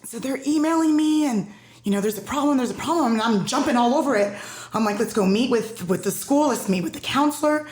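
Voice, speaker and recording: A woman's voice: a little high, lively intonation, a little fast, a little mellow. A middle-aged woman speaking as a parent guest in a casual podcast conversation, telling her story with emphasis and quoting the people in it. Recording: roomy echo.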